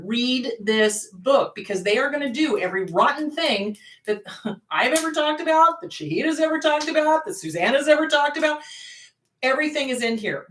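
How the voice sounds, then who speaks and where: A woman therapist hosting a casual advice talk, emphatic and repeating words for stress. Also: medium pitch. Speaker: therapist and show host. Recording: roomy, distant mic.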